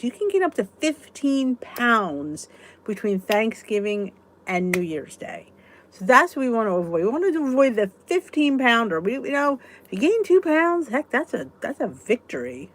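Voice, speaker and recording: A woman hosting a live weight-loss support chat, talking casually, reading out viewers' comments and venting with a laugh. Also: fairly high pitch. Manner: chatty, exclaiming, quick to vent and laugh.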